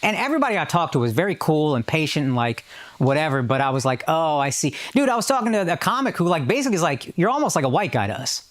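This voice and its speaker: A man's voice: fairly high pitch, very animated, fast. A man in casual podcast chat, telling a story with lots of emphatic swearing. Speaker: podcast regular.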